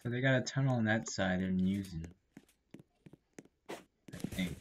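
A gaming creator doing casual let's-play commentary, excitable and slangy, blurting reactions and yelling at other players. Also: low voice, measured pace, slight background noise. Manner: slangy gamer talk.

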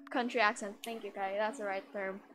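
A woman's voice: mid-range voice, fairly even intonation, fairly quick, fairly bright tone. A young woman live-streaming a game, chatting giggly and casual to her viewers. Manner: giggly, chatty, talks to chat. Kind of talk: live-streamed gameplay commentary. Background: game music.

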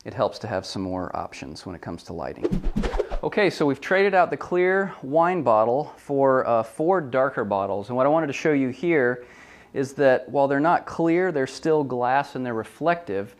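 Brief: male demonstrator at mid pitch, casual step-by-step tutorial delivery. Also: normal speed, slight background noise. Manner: relaxed, thinking aloud with frequent ums and self-corrections. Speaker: product photography demonstrator.

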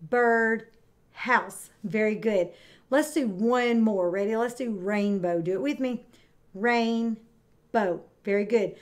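A woman teaching kindergarten, speaking slowly and clearly with encouraging, drawn-out words for young children. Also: medium pitch, darkish tone. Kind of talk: read-aloud lesson for young children.

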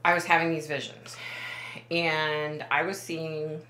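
A woman's voice: sits low, little pitch movement, slow pace, bright, forceful tone, echoey room, slight background noise. A woman working as a psychic medium, talking to camera in a casual, rambling way, often backing up and correcting herself. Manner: rambling, self-correcting, many fillers.

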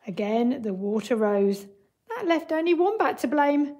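A woman teacher with a fairly high voice walks young children through word problems and then reads them a picture book. She speaks clearly and patiently, the way you talk to a class of young kids. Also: sing-song, unhurried, mellow. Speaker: primary school teacher. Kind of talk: remote maths lesson and picture-book read-aloud.

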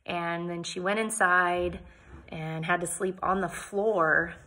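A woman's voice: lowish voice, steady tone, slow pace, pushed and bright. A woman reading a novel aloud, giving the characters voices and adding casual recaps between passages. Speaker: book reader.

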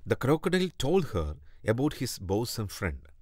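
A man narrating a children's fable in a slow, deliberate reading style. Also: medium pitch, very animated, darkish tone, dry recording, studio quality. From India. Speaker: storyteller. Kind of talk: scripted storybook narration.

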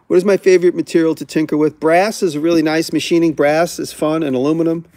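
A man's voice: fairly high pitch, fairly even intonation, fast, darkish tone. A man hosting a casual livestream, answering viewer questions in a rambling, candid way that often breaks off mid-thought. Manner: rambling, self-interrupting, candid.

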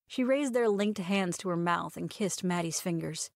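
A woman reading a romantic short story aloud as narrator, in a measured storytelling manner. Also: fairly low pitch, vocal fry, no echo, studio quality. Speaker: audiobook reader.

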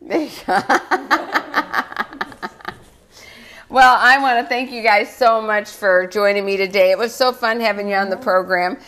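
A woman's voice: mid-range voice, a little slow, pauses often, fairly bright tone. Woman, older, cooking show host, chatty, encouraging, laughs a lot. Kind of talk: live kids' cooking show.

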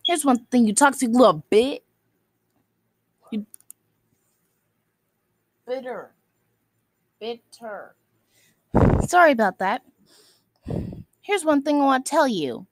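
A woman's voice: high-pitched, sing-song, normal speed, long pauses, dry recording. A woman delivering an angry, scolding rant at other video makers, insulting them and circling back to the same phrases. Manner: scolding, insulting, repeats itself.

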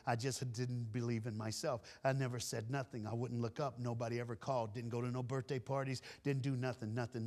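A man giving a storytelling sermon as a guest speaker, animated and folksy, talking straight to the crowd. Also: medium pitch. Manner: animated, addresses the crowd directly, folksy talk. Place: large church hall. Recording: long hall reverb.

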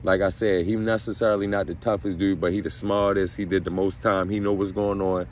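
A man telling a story casually, in a profane, slangy, animated way. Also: low-pitched, a little fast, slight background noise. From Baltimore. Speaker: vlogger.

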